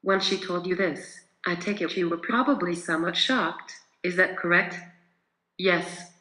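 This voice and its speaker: Man reading court testimony, bright roomy voice. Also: sits high, a little slow. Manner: reads questions and answers in one steady voice. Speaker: reader reenacting a courtroom closing argument. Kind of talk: dramatic reading of court transcript.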